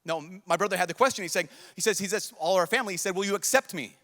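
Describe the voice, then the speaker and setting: A man's voice: high voice, racing, fairly bright tone. A young man, a priest, giving an earnest, pleading sermon at a youth conference, repeating himself as he talks. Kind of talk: emotional sermon to a large crowd. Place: large conference hall. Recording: long hall reverb.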